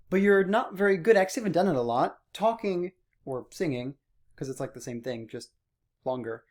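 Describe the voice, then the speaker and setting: A man's voice: fairly high pitch, a little mellow. Young guy music teacher, playful, hams up round vowels to show how it's done. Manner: playful, exaggerates vowels and consonants to demonstrate. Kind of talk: recorded singing lesson for students.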